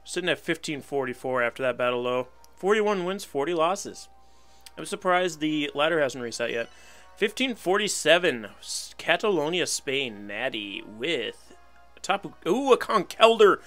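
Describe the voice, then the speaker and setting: A man's voice: a little high, sing-song, moderate pace, a bit bright, faint music behind. A young man giving casual live commentary on a video game battle, wry and resigned, laughing at himself now and then. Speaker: gaming channel host.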